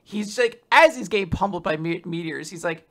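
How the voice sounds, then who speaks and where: This co-host has a bright, forward voice and a mid-range pitch. They retell the story loosely, circling back with fillers and quick asides. It is casual, conversational podcast talk. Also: animated. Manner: rambling retelling, many fillers, laughs between lines. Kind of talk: casual manga recap chat.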